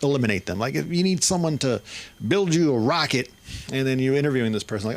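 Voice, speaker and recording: A man's voice: mid-range voice, fast talker. A man hosting a comedy show, rambling through his own set with a hesitant, filler-heavy delivery. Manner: meandering, hesitant, full of fillers. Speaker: host. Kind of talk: stand-up set. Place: comedy club stage.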